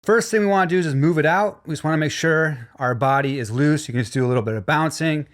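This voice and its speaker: A man teaching a vocal recording course, talking learners through warm-ups in an encouraging way. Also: fairly high pitch, quick pace. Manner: encouraging, demonstrates hums and sung lines. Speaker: vocal production instructor. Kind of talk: instructional course narration.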